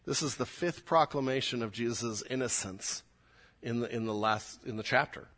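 A man's voice: medium pitch, moderate pace, fairly bright tone. A pastor preaching a sermon to his congregation. He is earnest and emphatic, and he repeats words as he builds his points.

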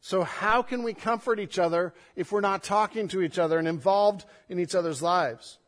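A man, a pastor, preaching a sermon, swinging between loud emphatic stress and soft, hushed passages. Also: sits high, moderate pace, big-room sound.

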